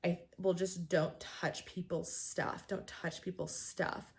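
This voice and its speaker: A snippy, scolding neighbor lady who is rude and quick to anger, as a woman imitates her in a story. Her voice drops a touch lower and slower than the teller's own. She scolds with clipped irritation. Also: flat delivery. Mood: annoyed scolding. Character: rude, angry middle-aged woman neighbor.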